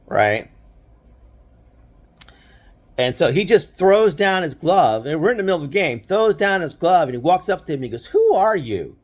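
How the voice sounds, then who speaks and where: An older man casually reminiscing, rambling with lots of "you know" and "right?" and frequent chuckles. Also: medium pitch. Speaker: storyteller.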